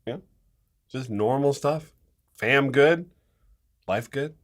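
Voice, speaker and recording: Jokey man co-hosting a livestream. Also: mid-range voice. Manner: jokey, quick quips, frequent affirmations. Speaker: co-host of a guitar shop livestream. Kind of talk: casual chat.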